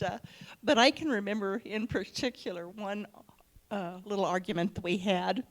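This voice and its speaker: An older woman telling a family anecdote in an amused way, laughing often as she talks. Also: medium pitch. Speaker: panel guest.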